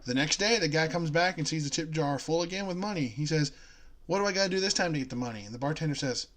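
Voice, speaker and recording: A man's voice: on the high side, quick pace, fairly bright tone. A young man chatting casually with a friend, laughing often and telling long jokes in which he voices the characters. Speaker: co-host.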